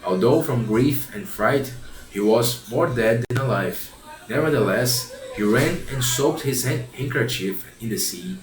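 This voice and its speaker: A man's voice: medium pitch, unhurried. A man reading a children's classic aloud, often restarting and repeating phrases as he goes. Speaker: reader. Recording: roomy echo, faint background hiss.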